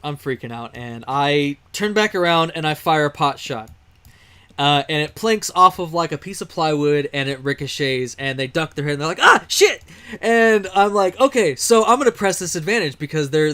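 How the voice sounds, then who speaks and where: A man's voice: on the high side, fairly bright tone, clear, resonant tone. A man from Texas, streaming a game and telling a rambling story with fillers and chuckles. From Texas, USA. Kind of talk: casual storytelling while playing a game.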